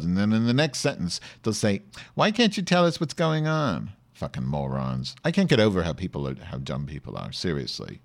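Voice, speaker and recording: A man playing a foul-mouthed, snappy woman host. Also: deep voice. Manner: profane, irritable, sarcastic rants at listeners. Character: brash foul-mouthed woman podcast host, short-tempered. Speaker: podcast host. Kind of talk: comedic podcast monologue.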